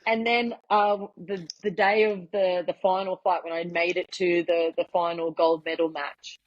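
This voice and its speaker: A woman's voice: fairly low pitch, level tone, moderate pace. A young Australian woman telling stories in a chatty, laughing way as a podcast guest. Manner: chatty, with many fillers and laughs. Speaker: guest, professional MMA fighter. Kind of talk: casual podcast storytelling. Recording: slightly muffled podcast audio.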